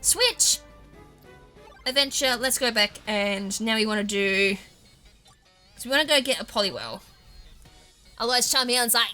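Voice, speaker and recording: Bright chatty Australian woman gamer. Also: fairly high pitch, lively intonation, moderate pace, long pauses, faint music behind. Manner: chatty, rambling, goes off on tangents. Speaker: gaming YouTuber. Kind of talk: casual let's-play commentary.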